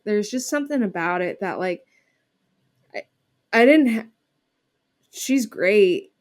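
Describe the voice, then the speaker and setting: A woman comedian talks casually as a guest in an interview. Her speech rambles with fillers and false starts, at a middle pitch for a woman. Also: lively intonation, a little slow, long pauses, darkish tone. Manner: chatty, many "like" fillers and restarts.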